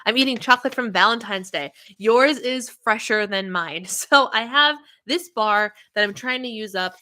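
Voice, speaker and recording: Woman host, chatty and upbeat, bright voice, for a casual livestream. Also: fairly high pitch, moderate pace. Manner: chatty, greets viewers by name, frequent laughs.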